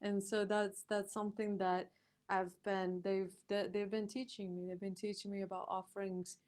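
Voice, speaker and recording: A woman telling a personal story as a podcast guest, animated, laughing often and acting out the voices she quotes. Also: mid-range voice, moderate pace. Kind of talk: storytelling in a conversational interview.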